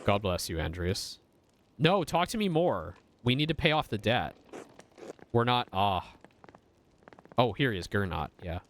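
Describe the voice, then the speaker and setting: A man's voice: on the low side, lively intonation, normal speed, long pauses, a bit bright, a little hiss or hum. A man streaming a game, chatting casually and swearing freely. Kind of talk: casual gaming commentary.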